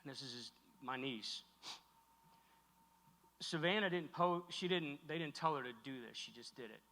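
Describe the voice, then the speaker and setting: A middle-aged man giving an emotional keynote speech on stage, halting and heartfelt, with many restarts. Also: on the high side, expressive, bright, forceful tone. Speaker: keynote speaker. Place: large hall on stage. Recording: echoey hall recording.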